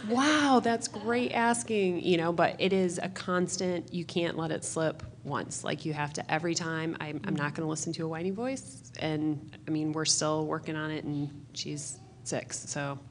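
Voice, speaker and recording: Low, gravelly-voiced mother sharing from the audience. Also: fairly even intonation, moderate pace, few pauses, slight background noise. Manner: earnest, many fillers, mimics children's voices.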